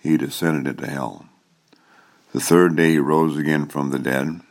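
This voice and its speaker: A pastor with an extremely deep, low voice leads a formal liturgy. He speaks in a solemn, measured cadence and lets each phrase settle. It is a man's voice throughout. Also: steady tone. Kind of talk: liturgical service leading.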